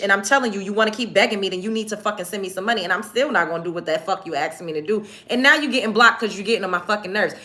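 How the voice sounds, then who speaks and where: A woman's voice: medium pitch, racing, hardly any pauses, sharp tone. A young woman hosting a livestream, reading chat comments aloud and answering commenters in a blunt, profane, combative way. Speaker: livestream host.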